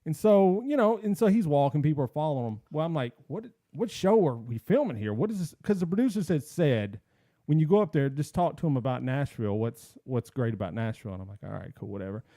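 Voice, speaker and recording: Man, podcast host, dark mellow voice, dry sound, animated storytelling. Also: on the high side, fast, dry recording. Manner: animated storyteller acting out quotes. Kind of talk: casual storytelling chat.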